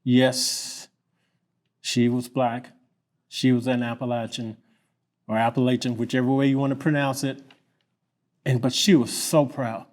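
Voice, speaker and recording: A pastor from Kentucky speaks in a slow, deliberate way, pausing often as he gives a memorial tribute. His voice sits at an ordinary male pitch and his manner is reflective and halting. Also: flat delivery. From Lynch, Kentucky.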